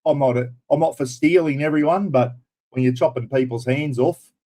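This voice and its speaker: A man's voice: mid-range voice, normal speed, warm tone. Australian male streamer, casual and blunt, mid-range voice, chats with his audience. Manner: blunt and chatty, mild swearing, addresses viewers as everyone and mate. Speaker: live stream host. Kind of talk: casual live-stream chat.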